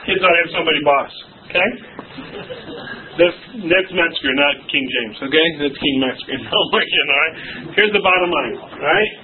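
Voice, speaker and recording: A middle-aged male pastor preaching a sermon, joking, laughing often and quizzing the congregation. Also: a little high. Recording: distant tinny phone-like sermon recording.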